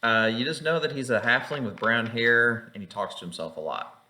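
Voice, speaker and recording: A man's voice: mid-range voice, normal speed, bright, forceful tone, slight background noise. A man narrating as game master, loose and rambling with plenty of fillers and swearing. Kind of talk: narrating a tabletop game online.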